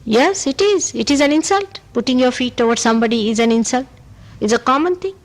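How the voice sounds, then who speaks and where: A woman with an Indian accent, a spiritual teacher, speaks spontaneously on an old tape and answers questions with emphasis. Her fairly quick delivery is animated, rising in pitch on key points, built from short repeated phrases with a recurring "you see," and the recording is low quality.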